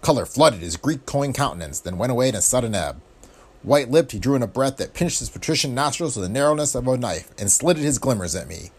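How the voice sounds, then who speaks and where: A man with a husky, slightly breathy voice reads a hardboiled pulp detective story. His delivery is wry and brisk, full of tough-guy slang, and his pitch moves in a lively way. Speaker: audiobook narrator.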